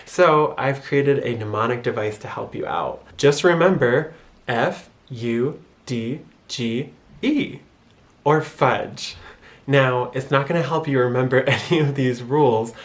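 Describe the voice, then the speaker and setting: A man's voice: medium pitch, unhurried. A young man with a Michigan accent, casually explaining how people talk where he grew up and chuckling often as he exaggerates pronunciations. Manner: chuckles often between sentences; demonstrates pronunciations by exaggerating them. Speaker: vlogger.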